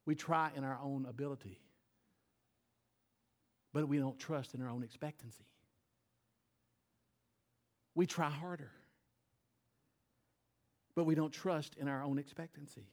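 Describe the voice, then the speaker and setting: A man preaching to his church congregation from the stage, his voice sitting a little high for a man. He moves between loud, emphatic bursts and sudden hushed, intense lines, speaking into a stage microphone. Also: fairly even intonation, measured pace, long pauses. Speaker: pastor. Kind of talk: sermon.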